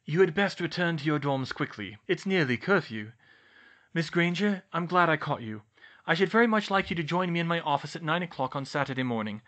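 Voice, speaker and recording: A man's voice: on the high side, expressive, a bit bright, pitched above the performer's own voice. A man doing a courteous old headmaster wizard. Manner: formal, measured, polite. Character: elderly male headmaster wizard, courteous and knowing.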